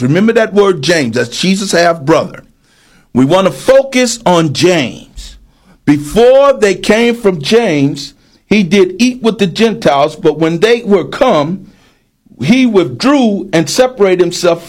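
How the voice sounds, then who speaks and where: A man with a high-pitched voice preaches with force and presses each point hard. He reads scripture aloud, then breaks it down for his listeners. His delivery swells to shouts when he drives a point home. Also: sing-song, unhurried. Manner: emphatic, rising to shouts on key points. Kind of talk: sermon.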